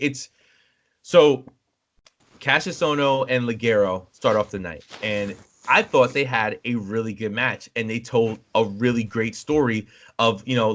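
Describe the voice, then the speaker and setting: A young man co-hosting a podcast, chatting casually and telling animated stories with acted-out quoted voices and some swearing. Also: medium pitch, lo-fi sound. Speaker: podcast co-host. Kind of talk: casual chat.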